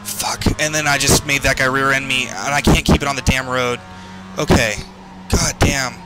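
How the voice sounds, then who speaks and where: A man's voice: mid-range voice, little pitch movement, normal speed. Frustrated man ranting while sim racing. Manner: frustrated, swearing, yelling at other drivers. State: heart racing, worked up. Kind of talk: live racing commentary. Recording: game music underneath. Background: game music and engine noise.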